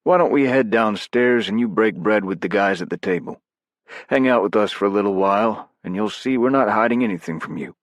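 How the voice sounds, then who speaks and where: A man's voice: lowish voice, brisk, no room sound, voice pushed up, lightly acted. A man doing a wry, folksy special ops leader. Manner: easygoing, folksy, teasing.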